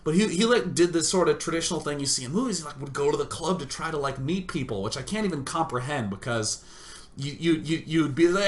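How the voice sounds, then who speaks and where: A young adult man hosting a show, telling a comedic story in an animated, self-mocking way with loud bursts. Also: a little high, fast. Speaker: show host.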